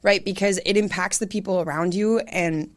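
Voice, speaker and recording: A young adult woman, a fitness coach, telling animated stories in a casual podcast chat, full of "like" and "right?". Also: medium pitch, moderate pace. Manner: animated storytelling, lots of "like" and "right?".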